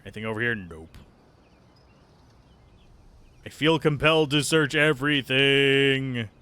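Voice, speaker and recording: A man's voice: medium pitch, unhurried, bright, forceful tone, clean tone. A man giving casual, sarcastic commentary while streaming a video game. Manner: wry, sarcastic asides. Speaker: let's play streamer.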